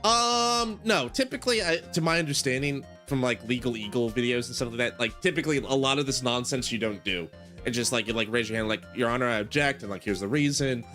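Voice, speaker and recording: A man's voice: medium pitch, quick pace, bright, forceful tone, soft background music. A young man casually narrating a game playthrough, rambling and leaning on filler words. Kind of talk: casual storytime commentary.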